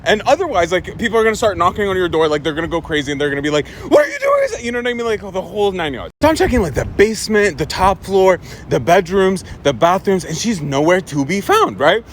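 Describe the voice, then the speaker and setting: A man's voice: sits high, expressive, quick pace, few pauses, a little hiss or hum. A young man from the Middle East telling a funny family story casually, laughing often.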